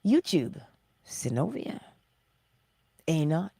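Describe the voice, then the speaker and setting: Gravelly-voiced woman, lively and whispery. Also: sits low, dry recording, clean studio sound. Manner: slow, emphatic, often dropping to a breathy whisper; acts out her own self-talk in little voices. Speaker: livestream host. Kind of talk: motivational livestream talk.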